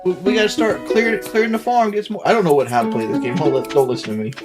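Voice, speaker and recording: A man's voice: high voice, rapid-fire. A man with a Southern US accent chatting casually on a couple's stream, often lecturing and nagging. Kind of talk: casual chat. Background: background music.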